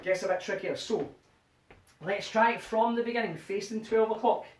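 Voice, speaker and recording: A male line dance instructor with a high-sitting voice at normal speed teaches a dance workshop from his living room, chanting step counts rhythmically. He's a bit out of breath, and a distant camera mic picks him up in the roomy home.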